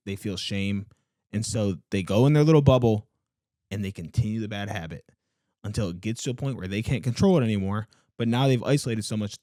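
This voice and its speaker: A man's voice: fairly low pitch, dark tone, dry recording, clean studio sound. A man co-hosting a podcast, talking earnestly in casual chat, leaning on fillers and emphatic turns. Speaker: podcast co-host.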